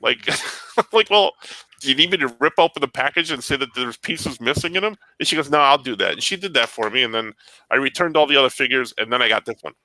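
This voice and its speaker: A man's voice: medium pitch, lively intonation, fast talker, pushed and bright, no room sound, rough recording. A man telling a long story in casual chat, acting out both sides of the conversation.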